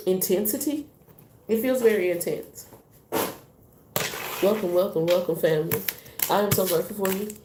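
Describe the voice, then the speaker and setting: A woman reading tarot cards live, talking in a loose, slangy, rambling flow. Her voice sits a little low and sounds warm and mellow. The sound carries a roomy echo. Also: slight background noise. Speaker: tarot reader.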